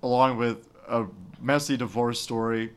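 A man co-hosting a podcast, casually retelling a movie's plot with frequent laughs and quick mocking quotes. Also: medium pitch, little pitch movement, clear, resonant tone. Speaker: podcast co-host. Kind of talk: casual movie recap chat.

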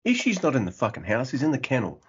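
A man's voice: medium pitch, wildly swooping pitch, fast talker, breathy edge, muffled recording. A man from Australia with an Australian accent, co-hosting a casual podcast chat, laughing often and swearing freely. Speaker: podcast co-host.

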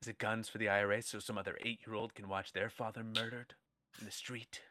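A man doing an impression of a grave older male action hero, talking low and deep. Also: level tone, brisk, background noise, close to an everyday voice.

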